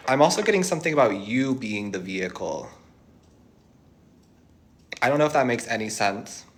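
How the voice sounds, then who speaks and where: Young male tarot reader, lowish voice, reassuring and musing, thinking aloud. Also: slight background noise. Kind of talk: channeled tarot reading to viewers.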